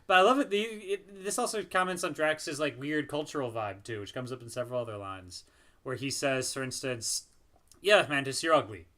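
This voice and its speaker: A man's voice: medium pitch, a little fast, a bit bright. A man co-hosting a podcast, rambling casually about a movie and laughing often. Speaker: podcast co-host. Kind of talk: casual movie review chat.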